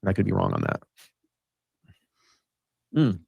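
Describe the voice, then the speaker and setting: A man's voice: sits low, wildly swooping pitch, slow pace, creaky, a little mellow, husky, no room sound. A man hosting a show, telling a long rambling story in casual chat and acting out what people said. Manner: rambling, acts out quoted lines. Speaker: host. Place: studio.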